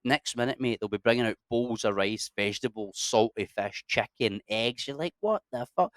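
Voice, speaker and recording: A man's voice: fairly low pitch, normal speed, no echo, studio quality. A Scottish man chatting casually as an interview guest, swearing freely and putting on voices as he tells stories. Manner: sweary, animated storyteller, puts on voices for locals.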